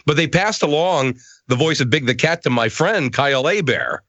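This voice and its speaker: Animated middle-aged male voice actor. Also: a little high, moderate pace, no room sound, lo-fi sound. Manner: animated, self-deprecating storyteller. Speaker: voice actor guest. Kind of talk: casual interview storytelling.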